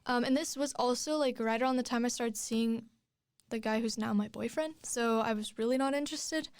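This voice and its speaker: A woman's voice: on the high side, a little fast, smooth, no room sound. A young woman, a podcast guest, telling her story in casual chat, rambling with many fillers and restarts.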